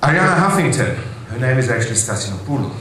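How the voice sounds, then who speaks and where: Speaking fast and very animated, this man has a medium-pitched, slightly bright voice as he delivers an enthusiastic conference keynote in a big hall. He tells stories full of rhetorical asides, captured with heavy echo and faint noise.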